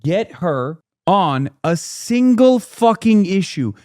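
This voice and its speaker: Profane, ranting male commentator, high-ish voice. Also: sing-song, slow pace, a little mellow, no echo, studio quality. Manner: blunt, profane, exasperated ranting. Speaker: political commentator. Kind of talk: live-stream reaction commentary.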